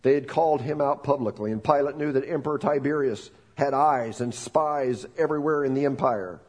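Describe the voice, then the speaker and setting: A man's voice: mid-range voice, brisk. A man preaching a sermon as pastor, retelling the story dramatically and acting out the quoted voices.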